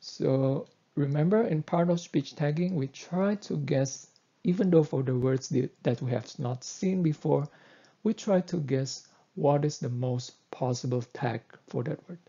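Male lecturer, slow deliberate coding tutorial, gravelly husky voice, dull lo-fi mic. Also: fairly high pitch, warm tone. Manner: slow, deliberate explaining with fillers. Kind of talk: screen-recorded coding tutorial.

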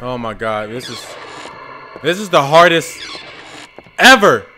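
A man's voice: medium pitch, sing-song, slow, background noise. A man playing a horror game while commenting on it, muttering, swearing and breaking into frantic outbursts. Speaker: gaming YouTuber.

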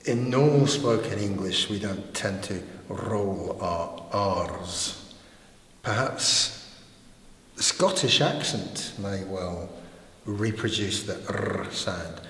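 Low-voiced man listing English example words. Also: slow, fairly bright tone. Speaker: English-speaking co-presenter. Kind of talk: pronunciation lesson. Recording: echoey hall, faint background noise.

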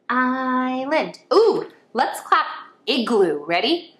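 Animated woman teaching little children. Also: sits high, slow pace, reverberant. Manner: animated, exclaiming, sing-song, speaks to children as friends. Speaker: kindergarten teacher. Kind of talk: online lesson for young children.

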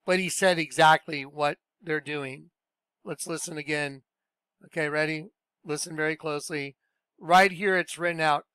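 A high-pitched man rants in a casual, scornful tone. His voice is smooth and clear, and the recording is dry and close. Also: a bit bright, no echo. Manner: blunt, scornful, conversational. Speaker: commentator reacting to clips. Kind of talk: casual ranting commentary.

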